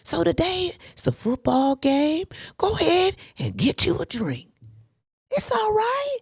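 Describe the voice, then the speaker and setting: A woman's voice: extremely high pitch, wildly swooping pitch, creaky, dry recording, studio quality, pitched above the performer's own voice, full character voice. A woman doing a slick tempting inner voice. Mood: coaxing. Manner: coaxing, hushed, drawn-out.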